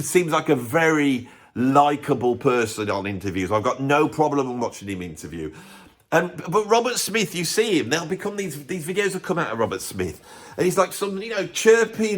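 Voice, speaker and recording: A man, a drummer and music vlogger, giving a sarcastic, animated, opinionated rant to camera. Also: a little high, moderate pace. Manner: sarcastic, animated, self-mocking.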